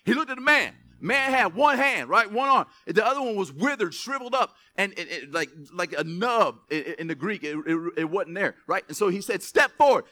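A man's voice: very high-pitched, pushed and bright. A man preaching a sermon in a conversational way, often laughing and checking in with the congregation. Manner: conversational, laughing, keeps asking "right?". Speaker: pastor.

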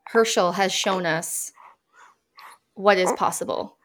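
A woman's voice: lowish voice, takes it slowly, fairly bright tone. A woman hosting an interview, speaking in an earnest, affirming way. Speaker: podcast host. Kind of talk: interview conversation.

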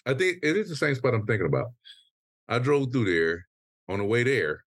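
A man co-hosting a casual podcast chat, venting with a profane, animated story full of quoted back-and-forth. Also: mid-range voice, moderate pace, dry recording, studio quality. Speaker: podcast co-host.

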